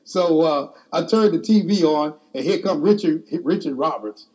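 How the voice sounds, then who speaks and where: A man's voice: fairly high pitch, normal speed, darkish tone, husky. A man preaching a sermon, telling a personal story in a folksy, colloquial way.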